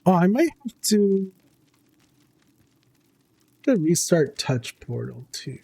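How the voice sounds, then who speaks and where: A man's voice: high voice, big pitch swings, slow, vocal fry, warm tone, husky, no echo. Man with a sick, stuffy voice. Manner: rambling, self-deprecating. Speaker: streamer. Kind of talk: casual gaming livestream chatter.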